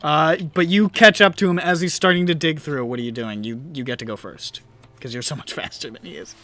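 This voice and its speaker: A man's voice: on the high side, fairly even intonation, fairly quick, sharp tone, no room sound. A man running a tabletop game as game master, laughing often and swearing as he narrates.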